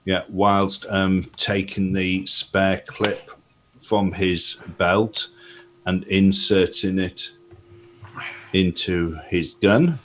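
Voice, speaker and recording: A man's voice: low-pitched, flat delivery, drawn-out words, a little hiss or hum. A man playing a tabletop game, describing his character's actions step by step. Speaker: player. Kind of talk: casual tabletop play.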